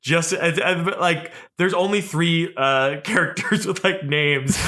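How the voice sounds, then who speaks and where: Animated man reviewing films. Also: a little high, normal speed, hardly any pauses. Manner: animated, swearing, joking movie reviewer. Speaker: podcast co-host. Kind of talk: casual chat.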